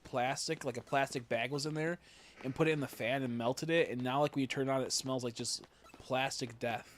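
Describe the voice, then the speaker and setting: A man's voice: medium pitch, fairly bright tone. A young man streaming a game, chatting casually in a rambling, crude and joking way.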